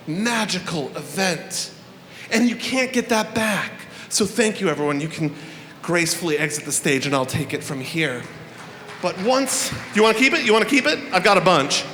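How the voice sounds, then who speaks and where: A man's voice: high-pitched, animated, measured pace, pushed and bright, a little hiss or hum. A man hosting a live festival opening on a handheld microphone, addressing the crowd in a playful, profane, theatrical way. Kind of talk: live stage address to an audience. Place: live venue hall. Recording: echoey hall with faint room ambience.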